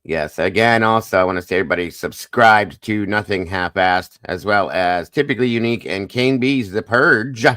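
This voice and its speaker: A man's voice: on the low side, moderate pace, few pauses, fairly bright tone, no room sound, clean studio sound. A man hosting a casual livestream, upbeat and friendly, greeting viewers by name one after another. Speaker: livestream host.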